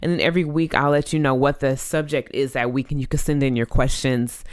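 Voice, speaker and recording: Chatty woman podcast host, smooth voice. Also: very deep voice, a little fast, dry recording, clean studio sound. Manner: chatty, animated storytelling with many fillers. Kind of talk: casual chat.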